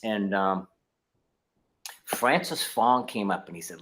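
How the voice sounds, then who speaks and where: A man's voice: on the low side, takes it slowly, a bit bright. Middle-aged man, martial arts instructor, rambling casual storytelling, lots of fillers and restarts, video call.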